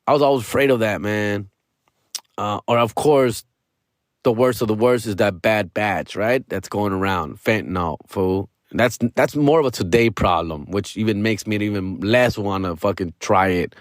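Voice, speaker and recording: A man's voice: on the low side, moderate pace, dry recording, studio quality. Rambling, slangy man. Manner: rambling, profane, slangy storytelling. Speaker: comedian podcast host. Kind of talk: casual chat.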